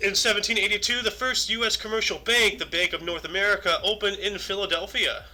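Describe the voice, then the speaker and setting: A man with a high, very bright and sharp voice. He reads facts aloud in a plain, wry way and teases his co-host with dry humor in a casual chat. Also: fast talker, low-quality recording.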